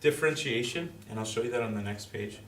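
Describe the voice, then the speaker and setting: A man giving a school presentation to parents, explaining in a halting way full of fillers and restarts. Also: medium pitch. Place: school room with audience. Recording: roomy, distant, faint background noise.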